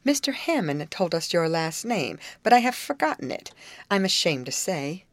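A woman voicing a confident young woman who leads her friends, speaking calmly and self-assuredly. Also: on the low side, moderate pace, no room sound. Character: confident young woman leader, calm and teasing.

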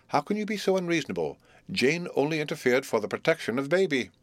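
A bewildered, harried father, played by a male narrator who bursts into exasperated cries, his voice raised well above the reader's own low tone. He sounds helpless and overwhelmed. The sound is close and dry. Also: sing-song, fast, no echo. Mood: pleading. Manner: exasperated outbursts. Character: flustered, desperate father, a bewildered scholar.

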